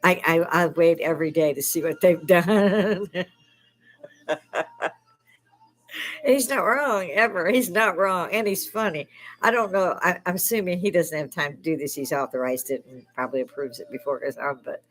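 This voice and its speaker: A woman's voice: low voice, steady tone, normal speed. Profane older woman, rambling livestream rant. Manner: profane, laughs often. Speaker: livestream host. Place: her own bar.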